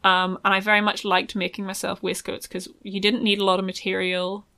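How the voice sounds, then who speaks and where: A young woman talks in a loose, rambling way, filling her sentences with ums and likes. Her voice is bright and clear. The sound is dry and close. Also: medium pitch, little pitch movement, a little fast, no echo. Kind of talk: casual chat.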